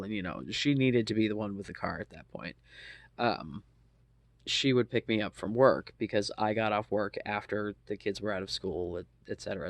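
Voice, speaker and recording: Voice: medium pitch, dry recording. An adult in their thirties casually telling a personal story, rambling with lots of ums and asides and swearing freely.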